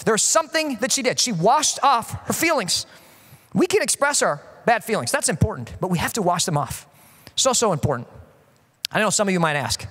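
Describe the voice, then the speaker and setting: A man in his thirties, a pastor preaching a sermon and telling stories in an animated, joking way with acted-out quotes. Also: sits high, in a large hall. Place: church.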